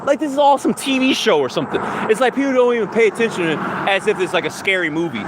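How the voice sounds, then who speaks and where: A man's voice: very high-pitched, animated, fast, few pauses, background noise. A man ranting angrily and profanely while walking down a city street, talking into a phone on a livestream. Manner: heated, profane, repetitive. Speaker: livestream host. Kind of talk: angry street rant.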